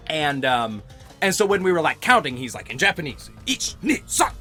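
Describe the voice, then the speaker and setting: A man's voice: fairly high pitch, expressive, brisk, sharp tone, faint music behind. A middle-aged man chatting casually while playing a video game, telling rambling stories and laughing often. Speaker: gaming host. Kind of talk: casual let's-play chat.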